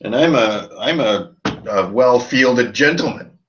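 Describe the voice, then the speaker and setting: A man hosts a live stream about tabletop role-playing games, tipsy from drinking and rambling on in loose, profane bursts. His voice sits at an everyday middle pitch. The recording sounds dull and lo-fi. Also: animated, unhurried, a bit bright, slight background noise. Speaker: host of a tabletop RPG channel. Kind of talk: casual live-stream chat.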